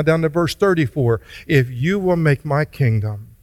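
A man's voice: on the high side, animated, a little mellow, no room sound. A man preaching a sermon as pastor, earnest and pleading, then leading the congregation in prayer. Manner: earnest, pleading, slow deliberate delivery.

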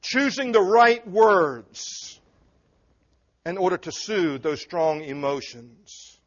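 A man's voice: high-pitched, animated, slow pace. A man preaching a sermon to a congregation in an earnest, emphatic way, with asides to the listeners. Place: church before a congregation. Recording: dull lo-fi recording.

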